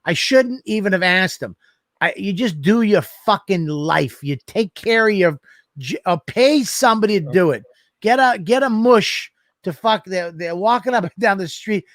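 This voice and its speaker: A man co-hosting a comedy podcast, swearing his way through a lively story on a studio microphone. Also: high voice, moderate pace, no room sound. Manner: animated, swearing constantly, acts out scenes. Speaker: podcast co-host.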